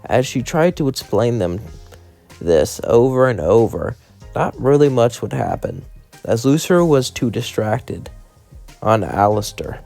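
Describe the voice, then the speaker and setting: A man's voice: medium pitch, expressive, measured pace, gravelly, mellow, soft background music. A man narrating a fan what-if story in a plain, run-on storytelling way.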